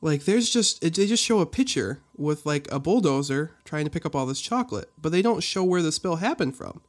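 A man co-hosting a casual podcast talks in a slightly higher voice than most men. He rambles and jokes as he reads through a news story. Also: lively intonation, a little fast. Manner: rambling, playful, laughs often. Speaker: podcast co-host. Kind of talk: casual chat, reading a news article.

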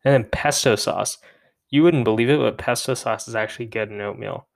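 A young man who co-hosts a podcast rambles by himself, self-deprecating and laughing at his own expense. His mid-range voice moves briskly and carries some vocal fry.

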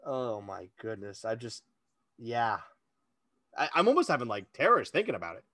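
A man's voice: medium pitch, big pitch swings, normal speed, a bit bright, no room sound, clean studio sound. A man co-hosting a casual chat, telling a long self-deprecating story with lots of energy. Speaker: podcast co-host.

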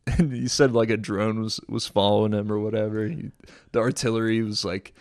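A man, a military veteran, recalling combat in a relaxed, chatty podcast conversation. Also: on the low side, brisk, no room sound, clean studio sound. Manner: relaxed, chatty retelling with friendly asides. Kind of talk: casual storytelling conversation.

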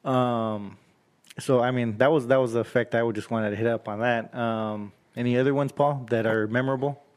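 A man's voice: medium pitch, fairly even intonation, normal speed. A man co-hosting a casual movie chat, retelling the plot hesitantly with many fillers. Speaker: podcast co-host.

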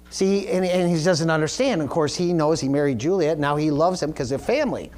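A pastor preaches a sermon a little fast, retelling a story loosely with lots of fillers and restarts. As he drives his point home, his voice climbs higher and louder.

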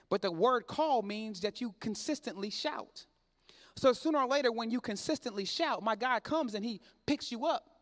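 A man preaching a sermon in church, dropping low and quiet then building up loud and fervent. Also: big-room sound. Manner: swings from low and quiet to loud and shouting, plain Southern-leaning speech.

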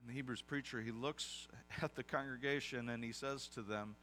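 A man's voice: mid-range voice, fairly even intonation, normal speed, hardly any pauses, sharp tone. A man, a pastor with young kids, preaching a conversational sermon with self-deprecating asides.

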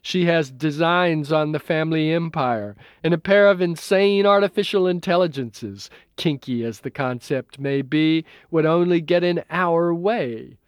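A man's voice: a little high, unhurried, few pauses, clear, resonant tone, no echo, studio quality, voice pushed up, natural voice. A man voicing a smug, perverse young male illusionist who talks in a gloating, theatrical way.

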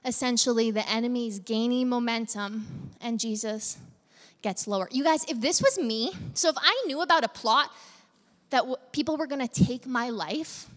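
A woman delivers a sermon in a fairly high voice and a chatty, direct way, putting questions to her listeners. Her voice rings out with a long reverb tail, as in a large hall. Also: moderate pace, fairly bright tone. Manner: conversational, engaging congregation with direct questions. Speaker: pastor.

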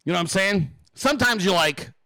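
A man hosting a live show, ranting without a script to his chat, swearing constantly and acting out quotes in exaggerated high voices. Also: expressive, a little fast, gravelly, pushed and bright, no room sound, clean studio sound. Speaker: livestream host. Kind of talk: profane unscripted rant to a live chat.

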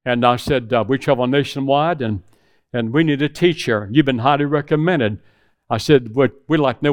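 A middle-aged man preaching a sermon to a room of men, telling a personal story and acting out the phone calls in it. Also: medium pitch. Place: church hall with audience.

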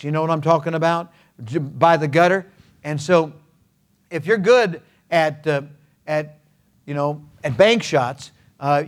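A man preaching a sermon as pastor, in a folksy, conversational way with homespun examples and playful sound words. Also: on the high side. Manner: frequent hesitant fillers and restarts.

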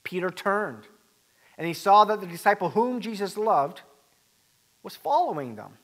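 A man preaching a sermon as pastor, animated and acting out the quoted voices with rising emphasis. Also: high-pitched, unhurried.

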